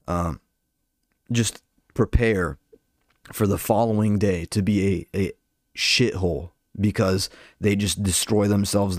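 A man's voice: deep voice, a little mellow, dry recording, studio quality. A young man ranting casually to his viewers, fired up and profane, rambling with lots of filler words. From Albanian heritage. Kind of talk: casual rant to camera.

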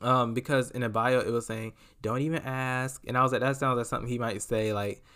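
A man telling a story to his viewers in a casual vlog, animated and chatty, laughing often and calling the listener "girl". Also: mid-range voice, quick pace.

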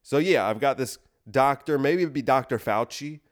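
A man hosting a podcast, delivering a deadpan comedic monologue of escalating absurd bits. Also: mid-range voice, moderate pace. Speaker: podcast host.

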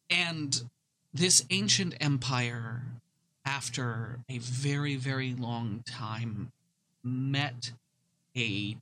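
A man's voice: mid-range voice, sharp tone, a little hiss or hum, rough recording. A man doing a solemn ancient woman storyteller. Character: ancient woman telling her people's legend.

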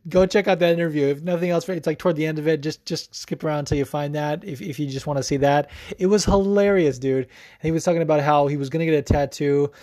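Recorded at studio quality without echo, a young man hosts a podcast and riffs on sports in a casual, profane way, leaning heavily on fillers. His voice sits on the high side with a darkish tone.

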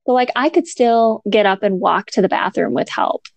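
A young woman telling her birth story in casual chat, chatty and quick to laugh, with lots of "like" fillers. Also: a little high, vocal fry, no room sound.

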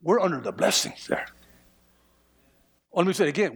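A man's voice: high voice, very animated, fast talker, long pauses, breathy edge. A male pastor preaching a sermon, emphatic, repeating phrases and stammering through restarts. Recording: long hall reverb.

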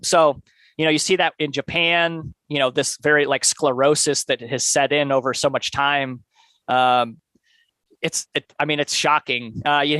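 A man's voice: fairly high pitch, fairly bright tone, no room sound. A man co-hosting a podcast, casually summarizing a book in a loose conversational way, with many filler words. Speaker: podcast co-host.

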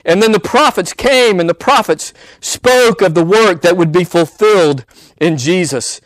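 High-voiced preacher man delivering a sermon. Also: animated, unhurried, no echo, poor audio. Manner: emphatic, repeating phrases for weight.

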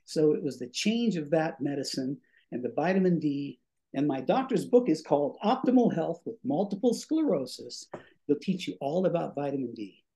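A slightly high voice at moderate pace belongs to an older man, formerly a radio DJ, who's a podcast guest. He tells his stories with animation, imitating voices, and is a bit short of breath.

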